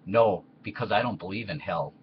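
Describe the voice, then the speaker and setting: A bossy, boastful emperor, read by a man in his own voice. The pitch sits low. The recording is muffled, with faint hiss. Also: moderate pace, natural voice. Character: Emperor Vespasian, boastful cruel Roman ruler.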